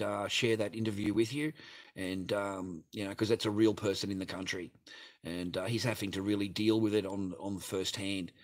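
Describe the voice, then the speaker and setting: A man hosting a livestream and reading viewer chat, talking in a profane, rambling, blunt way. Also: fairly low pitch. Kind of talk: casual livestream rant.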